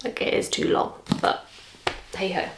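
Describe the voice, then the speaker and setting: Young English woman, bubbly vlogger chatter, roomy sound. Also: noisy background. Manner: chatty and excitable, quick asides. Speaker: book vlogger. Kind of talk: casual chat to camera. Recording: echoey room.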